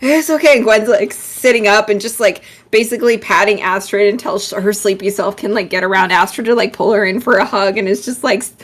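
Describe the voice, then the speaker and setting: A woman's voice: medium pitch, steady tone, fairly quick, few pauses. A woman in a tabletop game narrating her character's actions in a casual, rambling way, full of fillers, laughing and the odd swear word. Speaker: player.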